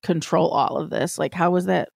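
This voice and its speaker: Gravelly, frustrated woman. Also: lowish voice, steady tone, normal speed, a little mellow, no room sound. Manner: blunt, frustrated, swears. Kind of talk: casual chat.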